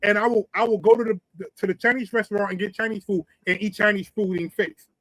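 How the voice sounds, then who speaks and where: A man's voice: high-pitched, fairly even intonation, quick pace, fairly bright tone, dry recording, poor audio. A man, co-hosting a podcast and telling a long, profane, rambling story. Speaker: podcast co-host. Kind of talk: casual storytelling.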